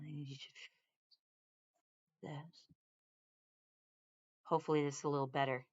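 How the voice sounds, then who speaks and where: A military veteran vlogger chats casually on a home live stream from her living room, rambling, drifting onto tangents, and talking to her dogs and viewers. Her low-pitched voice is bright and forceful, with lo-fi sound.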